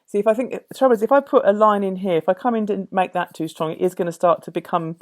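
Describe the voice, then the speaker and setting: A woman's voice: medium pitch, quick pace. A woman talks through a watercolour as she paints it. Her voice sits in a middle register, and she muses aloud, correcting herself and trailing off as she goes. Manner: thoughtful, musing, full of fillers and self-corrections. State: slightly out of breath at times. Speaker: art teacher. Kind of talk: casual painting demonstration.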